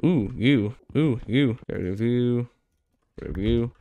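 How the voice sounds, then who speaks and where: The audio is narrow and tinny as a young man with a mid-range voice plays a horror game for a casual YouTube let's-play. He chatters in slang, talks back to the on-screen creatures, and yelps and rushes whenever something scares him.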